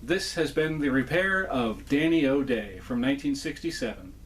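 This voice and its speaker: A man hosting a hands-on repair tutorial, explaining each step in a relaxed, folksy way. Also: medium pitch, normal speed, slightly rough. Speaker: toy repair host and ventriloquist.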